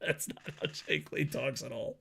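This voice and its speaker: A man's voice: fairly high pitch, moderate pace, creaky, sharp tone. A man co-hosting a podcast, bantering casually and often breaking into laughter. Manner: giggly, playful, breaks into laughter. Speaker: podcast co-host. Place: Japan.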